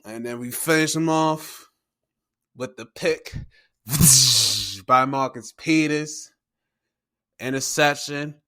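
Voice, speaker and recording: A man hosting a sports podcast, recapping games in a casual, excitable way, full of slang and swearing, and acting out his own reactions as he goes. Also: medium pitch, takes it slowly, long pauses.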